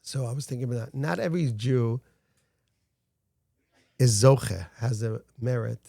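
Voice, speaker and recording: A man's voice: mid-range voice, normal speed, gravelly, dark tone, no room sound, studio quality. A middle-aged man, a guest in an interview, telling stories earnestly with frequent restarts. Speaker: guest, founder of a rescue organization. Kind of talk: casual interview talk.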